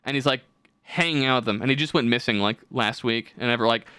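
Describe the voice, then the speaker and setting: Bright, rambling young man in casual chat. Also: medium pitch, fast talker, smooth, no echo, studio quality. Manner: rambling, profane, jumps into mocking voices. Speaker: podcast host.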